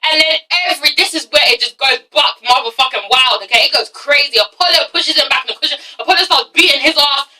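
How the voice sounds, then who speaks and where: A woman reviewing a TV episode in a casual vlog, animated and swearing freely, often breaking into laughter. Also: high voice, fast talker, hardly any pauses, recorded from a distance, poor audio. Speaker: TV show reviewer.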